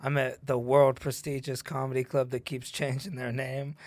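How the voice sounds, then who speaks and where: A comedian guest on a podcast telling laid-back stories in casual chat. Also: male voice, medium pitch, little pitch movement, normal speed, darkish tone, no echo. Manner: laid-back storyteller with laughs.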